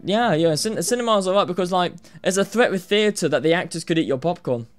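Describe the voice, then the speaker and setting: A man's voice: high-pitched, expressive, brisk, soft background music. A man appearing as a guest on a casual podcast over internet voice chat, making dry teasing jokes.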